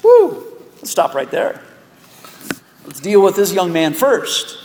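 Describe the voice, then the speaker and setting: A man preaching a sermon as pastor, animated, with joking asides and repeated words. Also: high voice, slow, slight background noise. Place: large church hall. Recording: echoey hall with long reverb.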